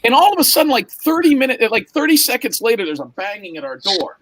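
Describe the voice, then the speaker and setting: A man's voice: very high voice, big pitch swings, fast talker, a bit bright, low-quality recording. A man telling a wild story in a casual chat, acting out the other people's lines and swearing freely. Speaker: podcast guest.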